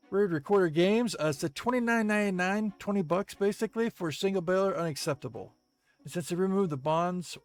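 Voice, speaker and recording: A man giving casual gameplay commentary, reading viewer comments aloud in a halting way with many ums and uhs and the odd chuckle. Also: on the high side. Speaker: gaming video creator.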